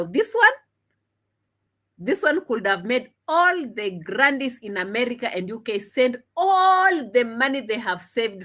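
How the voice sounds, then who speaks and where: Indignant woman reacting to a video. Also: fairly high pitch. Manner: indignant, mocking, animated. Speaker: commentary vlogger. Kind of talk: reaction commentary. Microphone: desk camera.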